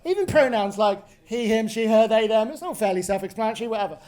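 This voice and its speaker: A woman's voice: a little high, expressive, quick pace, darkish tone. A woman in her twenties doing a sweary stand-up set in a pub, ranting and tagging lines with "right?". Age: 20s. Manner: swearing, ranting, tag questions. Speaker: stand-up comedian. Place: pub venue.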